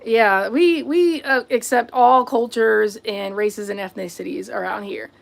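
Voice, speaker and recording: Fairly high-pitched, a little slow, and creaky, this livestream host reads viewer comments and responds with sass. She confronts rude chatters head-on, addressing her audience as "y'all" and "buddy."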